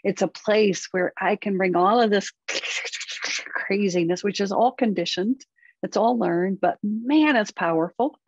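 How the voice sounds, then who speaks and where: A middle-aged woman speaks as a parent coach in an earnest, animated way, often slipping into little acted bits of inner dialogue. Her voice sits at an ordinary middle pitch. The recording is close and dry with a slightly dull, muffled tone. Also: a little slow, slightly rough, dry recording. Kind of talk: conversational interview.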